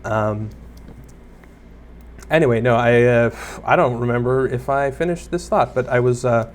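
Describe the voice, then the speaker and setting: A man's voice: medium pitch, a little slow, slight background noise. A young man giving casual Let's Play commentary, rambling and self-deprecating as he chats to viewers and the creatures on screen. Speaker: gaming YouTuber.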